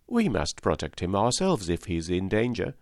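A man voicing a gentle tin woodman in an audiobook reading, calm and reassuring. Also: low voice, moderate pace, dry recording, studio quality.

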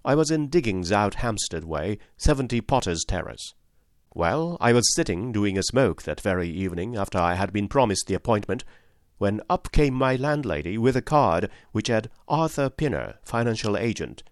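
A man reading a first-person story aloud in a measured, expressive storytelling manner. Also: lowish voice, no echo, studio quality. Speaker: audiobook narrator.

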